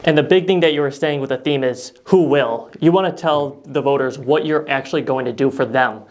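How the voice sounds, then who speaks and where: A man with a mid-range voice calmly explains campaign messaging and adds supporting points to the discussion. His delivery is steady and explanatory. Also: medium pitch, brisk. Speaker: political campaign consultant. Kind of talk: advice chat on a podcast-style video.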